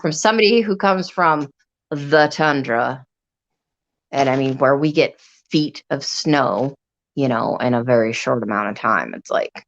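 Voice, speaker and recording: A woman's voice: a bass voice, a little slow. A woman hosting a livestream, chatting casually and rambling, with frequent swearing. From Upper Peninsula of Michigan. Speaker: livestream host. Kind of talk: casual chat. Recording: dull lo-fi sound.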